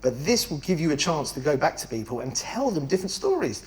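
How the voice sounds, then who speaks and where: A middle-aged man giving an energetic, blunt talk to members of his network, swearing casually and making chatty asides. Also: fairly high pitch, fast talker. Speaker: estate agency network founder speaking to members. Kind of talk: conference talk.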